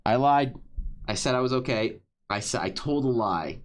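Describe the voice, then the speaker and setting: A man's voice: mid-range voice, lively intonation, normal speed. Flustered man streaming while drawing. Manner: emotional, stammering, swears a lot. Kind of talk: live stream chat.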